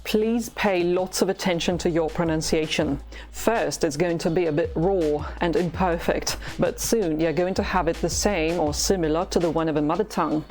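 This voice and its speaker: A woman from Russia with a Russian accent, teaching pronunciation patiently and slowly, with drills to repeat. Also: lowish voice, darkish tone, faint music behind. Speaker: language teacher. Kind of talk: slow, careful pronunciation lesson.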